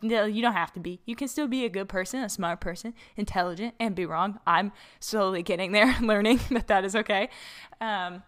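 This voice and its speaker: Speaking briskly at medium pitch with a fairly bright tone, a young woman runs her casual solo podcast, laughing often and using plenty of fillers. She records on her own mic in a borrowed house with a slightly echoey room.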